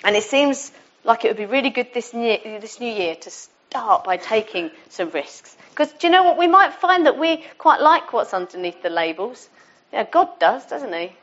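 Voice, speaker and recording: In a lo-fi, dull-sounding recording, a middle-aged woman preaches informally to her congregation. Her fairly high voice swings widely in pitch at a moderate pace, warm and chatty with some restarts.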